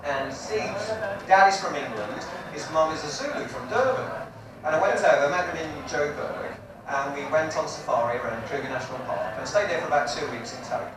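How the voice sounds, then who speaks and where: A man's voice: fairly high pitch, fairly quick. Brash stand-up man in his forties. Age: 40s. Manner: brash, crude punchlines. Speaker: stand-up comedian. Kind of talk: stand-up comedy set. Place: comedy club stage. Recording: echoey live room from far off, audience noise.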